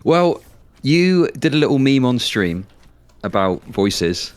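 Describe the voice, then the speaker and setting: A man's voice: mid-range voice, big pitch swings, slow, clear, resonant tone. A man from England with an English accent, talking as a guest in a brash, sweary, casual stream debate.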